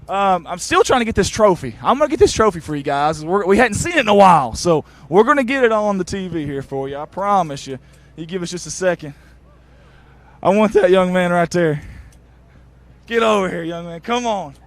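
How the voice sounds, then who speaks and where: A man, reporting from the sideline of a football field after a game and interviewing people with eager, warm praise. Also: high-pitched, no echo. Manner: excited, warm toward players, repeats "I'm gonna tell you something".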